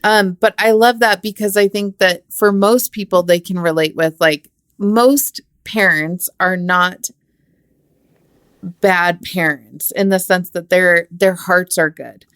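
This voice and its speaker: A woman with a slightly low voice reflects on a podcast in a thoughtful, conversational way. She often pauses to find her words. Her voice sounds close and dry. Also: fairly even intonation, fairly bright tone, clear, resonant tone, no room sound. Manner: thoughtful, conversational, frequent "you know". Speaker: podcast co-host.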